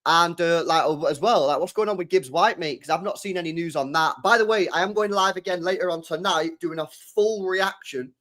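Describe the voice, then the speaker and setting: A young man hosting a casual football live stream, loose and chatty, full of slang, swinging from loud bursts to mumbles. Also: a little high, brisk, hardly any pauses. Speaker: football channel host.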